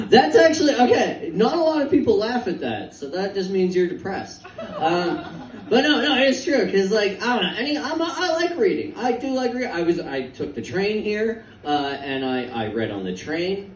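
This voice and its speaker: A young man doing a stand-up set in a comedy club, rambling and stammering in a self-deprecating way. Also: high voice. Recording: echoey club, distant mic.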